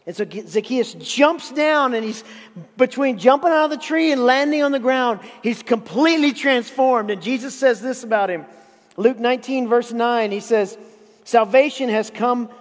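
A man's voice: sits high, big-room sound. A man in his fifties preaching a sermon as pastor, emphatic and often repeating words to drive a point home. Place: church sanctuary.

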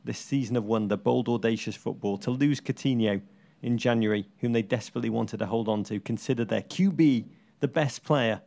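A middle-aged English man co-hosting a football podcast, talking in an animated, playful, teasing way. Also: mid-range voice, a little fast, creaky. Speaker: podcast co-host. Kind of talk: casual football chat.

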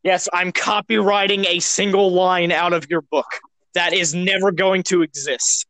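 A man's voice: high-pitched, steady tone, unhurried, bright, forceful tone, dry recording, low-quality recording. A young man co-hosting a podcast, casual and crude, rambling and playful. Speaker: podcast co-host. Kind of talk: casual chat.

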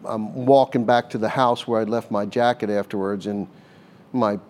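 An older man who was once a hostage negotiator answers interview questions earnestly and conversationally, repeating words as he thinks and laughing occasionally. His voice is fairly low and darkish, steady, at normal speed.

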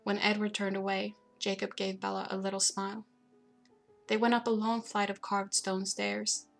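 A woman narrating a novel aloud in a steady, even way. Her pitch barely moves and stays level from line to line. Quiet music plays faintly behind her reading. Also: normal speed, creaky. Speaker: audiobook narrator. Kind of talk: storybook narration.

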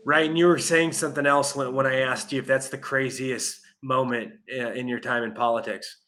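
A man hosting a talk show and asking a guest questions in a conversational, somewhat halting way. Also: medium pitch, fairly even intonation, bright, forceful tone. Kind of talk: interview questions.

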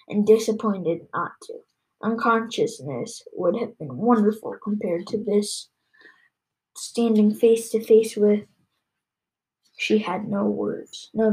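A woman reading a children's novel aloud, telling the story in an expressive way. Her voice sits at an ordinary middle pitch. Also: low-quality recording. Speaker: narrator.

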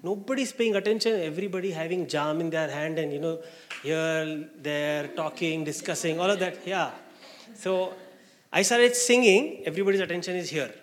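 A man's voice: a little high, normal speed. A man with an Indian English accent telling a personal testimony, acting out the people he quotes. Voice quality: animated, acts out the people he quotes. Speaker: speaker giving a personal testimony. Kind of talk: storytelling testimony. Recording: long hall reverb.

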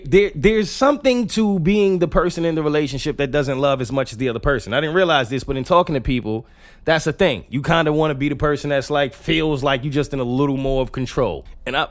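A young adult man hosting a podcast, telling stories in a casual monologue and laughing through them. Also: fairly high pitch. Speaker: podcast host.

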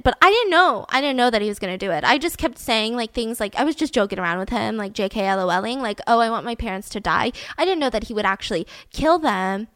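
A young adult woman hosting a podcast, retelling a crime case in a lively way and acting out the people in it. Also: a little high, fast, no room sound, studio quality. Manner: animated retelling, acts out quoted voices. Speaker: podcast host. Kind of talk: true crime storytelling.

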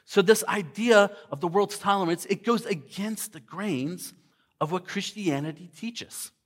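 A man's voice: high-pitched, a little slow, slightly rough. A male pastor preaching a sermon, emphatic, repeating key words and addressing the congregation directly.

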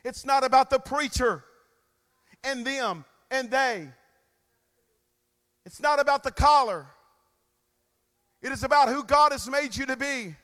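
High-voiced preacher in an echoing hall. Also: male voice, unhurried, long pauses. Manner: emphatic call-and-response preaching with sudden loud and quiet swings. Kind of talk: sermon. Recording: long reverb of a large hall.

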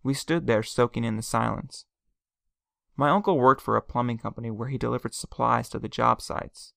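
A man narrating a first-person story in a quiet, plain storytelling manner. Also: medium pitch, steady tone, moderate pace, creaky, dry recording, clean studio sound.

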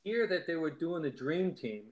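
A man in casual chat, telling a sports story with animated quoted heckles. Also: on the high side, moderate pace, roomy sound, highs cut off. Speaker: podcast co-host.

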